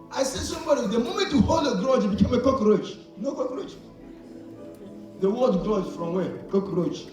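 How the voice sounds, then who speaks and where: A high-pitched male preacher speaks expressively at a moderate pace, asking his congregation to fill in words in a call-and-response sermon. He acts out little scenes, his volume swinging loud and soft. The sound is distant and very echoey in a hall, with faint music in the background.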